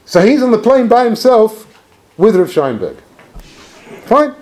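A man telling a personal anecdote in an animated, expressive way. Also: measured pace. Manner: animated, expressive storytelling with swings in pitch. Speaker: speaker telling a personal story. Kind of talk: anecdotal storytelling talk.

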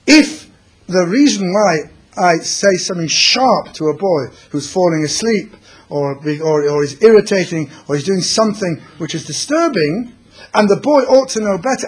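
A man's voice: high voice, breathy edge. A man teaching a religious class, telling stories and mixing in Yiddish and Hebrew terms.

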